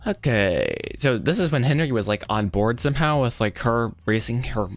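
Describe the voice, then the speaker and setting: A man livestreaming as he rewrites his animated film script, thinking aloud in a rambling, self-deprecating way that easily goes off track. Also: mid-range voice, moderate pace, soft background music. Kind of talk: casual live-stream thinking aloud.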